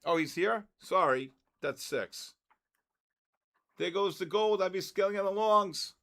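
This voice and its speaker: With a high, unhurried voice, an older man runs a live trading stream, reading usernames in the manner of an auctioneer and loudly yelling "next."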